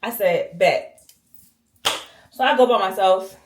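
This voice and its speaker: Animated woman vlogger in echoey bathroom. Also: mid-range voice, takes it slowly, a little hiss or hum. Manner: animated, acts out quoted voices, slangy. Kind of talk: casual storytime while cleaning. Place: home bathroom.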